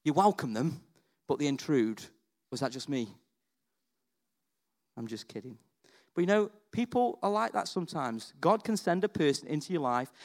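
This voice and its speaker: In his sermon, a man with a bright, high voice recounts his story conversationally, peppering it with "right?" and "okay?". He shifts between soft, confiding asides and excited bursts that border on shouting.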